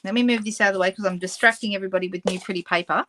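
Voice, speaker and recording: A woman's voice: mid-range voice, fairly even intonation, rapid-fire, bright, forceful tone, slight background noise. An Australian woman hosting a live papercraft demonstration, chatting casually with viewers, answering their comments and laughing often. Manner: laughs often and apologizes playfully.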